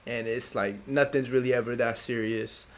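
A man's voice: fairly even intonation, moderate pace. Laid-back young man telling a story. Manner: laid-back slang, acts out his dad in a higher voice. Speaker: podcast co-host. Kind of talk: casual chat.

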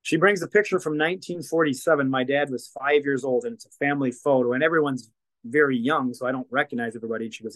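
Man telling a lively story. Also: mid-range voice, fast, dry recording, rough recording. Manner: lively storyteller who acts out quoted dialogue. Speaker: guest, deliverance minister and former counselor. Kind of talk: storytelling testimony in casual conversation.

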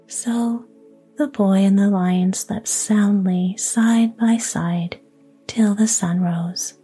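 A woman reads a fairy tale entirely in a whisper. Her voice is breathy, mellow and very unhurried, with soft music underneath. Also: medium pitch, steady tone. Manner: whispers throughout. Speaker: storyteller.

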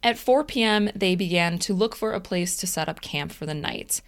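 A woman co-hosting a podcast, narrating a story in a relaxed, casual way and laughing easily. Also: lowish voice, moderate pace. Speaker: podcast co-host telling the story.

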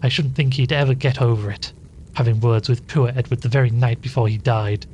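A man voicing a fretful married sister in a read-aloud story, speaking abruptly in a hushed voice. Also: mid-range voice, fairly even intonation, brisk, slight background noise, lightly acted. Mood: grumbling.

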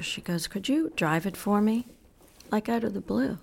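A woman's voice: medium pitch, moderate pace, vocal fry. A middle-aged woman, a pastor's wife, telling a personal testimony in a candid, self-deprecating way. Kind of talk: storytelling testimony.

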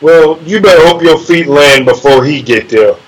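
A man whose voice is on the high side speaks at normal speed over poor audio, telling a casual sparring story. He cusses freely, bragging and laughing as he imitates the blows with sound words.

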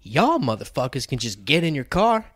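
A man voicing a loud, defiant woman customer who shouts angrily at police. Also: mid-range voice, big pitch swings, moderate pace, no room sound, studio quality. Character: loud furious female customer, brash and defiant.

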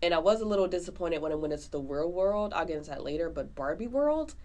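A woman's voice: fairly low pitch, fast talker. Chatty woman co-hosting a movie podcast. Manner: chatty, animated, lots of fillers. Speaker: podcast co-host. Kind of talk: casual movie review chat.

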